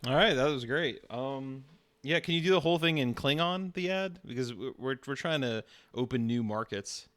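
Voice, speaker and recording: Male streamer, teasing, deadpan, stammering restarts, mid pitch. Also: moderate pace. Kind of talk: casual stream banter.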